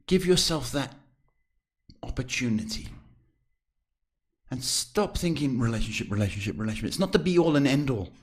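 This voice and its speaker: A man with a South African accent reads tarot on a live stream. He talks in an animated, familiar way and calls viewers sweetheart. His voice sits at a middle pitch. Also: moderate pace, pauses often, breathy edge. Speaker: psychic tarot reader. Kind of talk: live-stream reading, casual advice.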